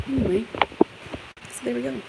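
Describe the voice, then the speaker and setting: Sassy, animated woman vlogging at home. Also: on the high side, normal speed. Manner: sassy and animated, talks back to commenters, laughs often. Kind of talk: casual vlog chat. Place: at home, moving around the house and yard. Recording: home recording with clear background noise.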